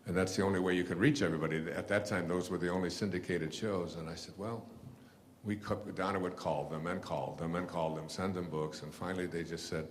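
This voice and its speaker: Man with a very low voice, loose and digressive storyteller, talking to a live audience; long hall reverb and a faint hiss. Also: fairly even intonation. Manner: rambling and halting, with many fillers and restarts. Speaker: speaker telling stories to an audience. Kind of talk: storytelling lecture.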